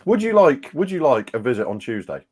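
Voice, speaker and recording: A man's voice: mid-range voice, very animated, fairly quick, a little mellow, husky. A man co-hosting a casual live stream, talking hesitantly with lots of fillers in easygoing banter.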